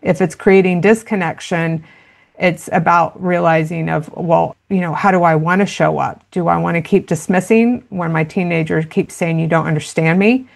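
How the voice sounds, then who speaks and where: A woman with a lowish, gravelly voice talks through parenting in an earnest, explanatory way. She speaks as an interview guest, warm in content but practical, and slips into short quoted lines of dialogue to make her points. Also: steady tone, moderate pace. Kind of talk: conversational interview.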